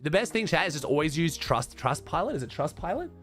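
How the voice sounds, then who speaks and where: A young Australian man streaming and chatting to viewers, hoarse and thick-voiced from a chest infection, talking loosely with lots of swearing and trailing off into quieter mumbles. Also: a little high, big pitch swings, fairly quick. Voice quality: thick and raspy. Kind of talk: casual livestream chat. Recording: faint music playing behind.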